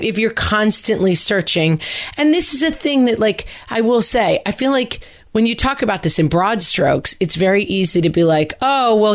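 A middle-aged woman co-hosting a podcast, talking casually with frequent fillers and restarts. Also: mid-range voice. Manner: chatty, lots of "like" and restarts. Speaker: podcast co-host. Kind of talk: casual conversation.

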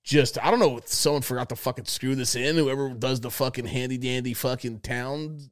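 A man's voice: mid-range voice, fairly even intonation, brisk. Rambling, profane male podcast co-host. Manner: rambling, heavily profane storytelling. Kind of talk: casual chat.

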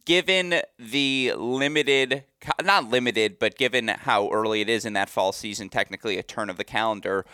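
A man's voice: mid-range voice, normal speed, few pauses, bright, forceful tone, clean tone, no room sound, studio quality. A man hosting a tennis interview, asking long winding questions. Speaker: tennis podcast host.

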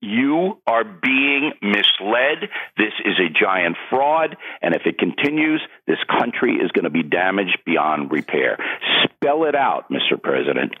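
A man's voice: fairly low pitch, big pitch swings, a little slow, hardly any pauses, husky, phone-quality sound. A man who is an author and political commentator, talking as a guest in heated, emphatic commentary. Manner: emphatic, gets worked up, repeats for punch.

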